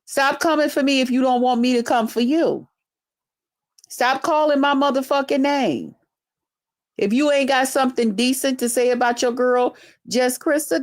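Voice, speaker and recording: A woman on a livestream, ranting angrily with a stream of profanity. Her voice sits a bit higher than most women's. She taunts and confronts without letting up. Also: normal speed. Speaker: YouTuber. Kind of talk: angry livestream rant.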